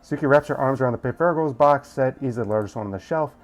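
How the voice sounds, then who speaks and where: A man hosting a let's play, casually reading a visual novel's narration aloud at a quick clip. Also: medium pitch, soft background music.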